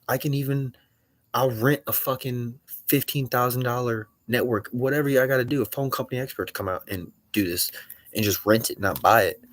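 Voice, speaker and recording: A man talking in an agitated, profane, rambling monologue, often stopping to correct himself. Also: mid-range voice.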